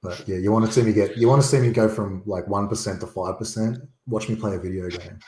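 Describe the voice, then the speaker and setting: A man's voice: fairly low pitch, steady tone, fast talker, mellow, roomy sound, rough recording. A man talking bluntly and emphatically as a guest on a casual livestream, rambling through his points. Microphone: USB desktop microphone.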